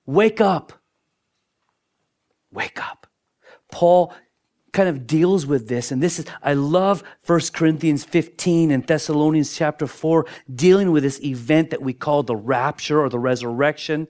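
A man preaching a sermon as pastor, shifting between strong emphasis and soft, hushed moments, often repeating words as he builds a point. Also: a little high, moderate pace. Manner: dynamic preaching, dropping to near-whispers for emphasis.

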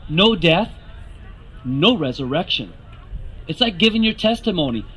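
A man's voice: on the high side, sing-song, unhurried, bright, forceful tone, breathy edge, low-quality recording. A man preaching a sermon, earnest and rising to emphatic questions to the congregation.

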